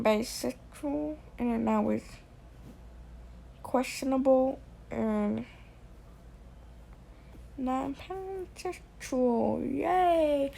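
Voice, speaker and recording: A woman with a high-ish, gravelly voice rambles slowly through a late-night bedroom vlog. She repeats herself, swings from loud ranting to soft near-whispers, and a faint hiss sits behind her. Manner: rambling, repetitive, drifting between loud rants and quiet near-whispers. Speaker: vlogger.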